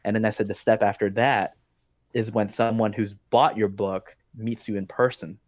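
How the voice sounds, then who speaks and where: Low-voiced man telling stories on a podcast. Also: flat delivery, moderate pace, darkish tone, no echo. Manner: talkative storyteller, frequent ums and likes. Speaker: podcast host. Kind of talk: casual podcast conversation. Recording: dull dry lo-fi sound.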